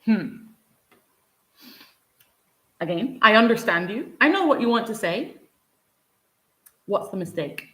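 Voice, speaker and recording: Woman, English teacher, live online lesson, unhurried, encouraging, echoey room. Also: medium pitch, lively intonation, a bit bright. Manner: patient, encouraging, answers viewers by name. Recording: roomy echo.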